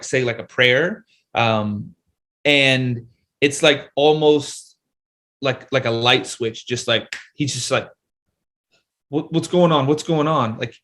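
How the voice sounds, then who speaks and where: A man's voice: mid-range voice, a bit bright. A young adult man from North Texas, a podcast guest who tells a family ghost story in a rambling, casual way, full of fillers and restarts. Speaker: guest, paranormal content creator.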